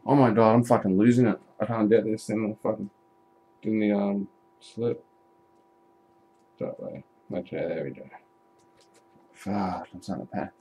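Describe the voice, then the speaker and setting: A man opening trading card packs live, chatting casually, swearing often and bursting into excited shouts at big pulls. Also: fairly low pitch, moderate pace, long pauses, breathy edge. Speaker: card break streamer.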